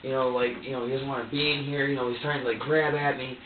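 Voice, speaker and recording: A man being questioned by police in an interview room, talking in halting bursts with stumbling restarts and repeats. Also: mid-range voice, little pitch movement. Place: sheriff's office interview room. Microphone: distant room recorder. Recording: tinny, echoey room audio from far off, faint hiss.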